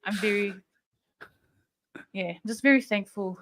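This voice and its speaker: A woman co-hosting a casual podcast, emotional and quick to laugh as she reads quotes aloud. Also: medium pitch. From Samoan family. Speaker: podcast co-host.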